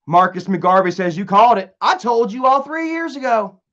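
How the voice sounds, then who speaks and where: A man's voice: high voice, normal speed, fairly bright tone. A young man live streaming, rambling and repeating himself while reading out viewer comments, often stumbling and restarting. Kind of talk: casual live stream chat. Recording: dull lo-fi stream audio.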